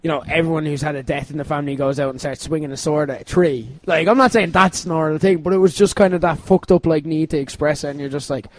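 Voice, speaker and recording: A man hosting a podcast, talking in an animated, casual way and swearing freely. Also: a little high, fast, few pauses, dry recording. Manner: animated, swearing, laughing often. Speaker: podcast host. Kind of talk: casual chat.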